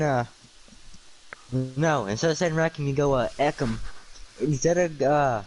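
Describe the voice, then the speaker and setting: A tired man chatting on a late-night stream, talking slowly and rambling. He drifts into goofy wordplay and fills the gaps with uhs and hmms. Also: on the high side, a little mellow, poor audio. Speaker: livestreamer.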